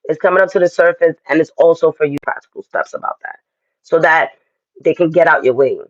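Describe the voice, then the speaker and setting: A man's voice: a little high, a little fast, no echo, dull audio. A man giving a casual astrology and tarot reading, talking straight to his viewers in a chatty, direct way.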